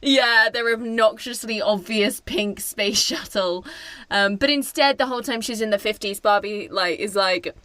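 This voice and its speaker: A woman's voice: medium pitch, normal speed, a bit bright, dry recording. A woman co-hosting a podcast, rambling sarcastically through a casual film-review chat with plenty of fillers. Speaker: podcast co-host.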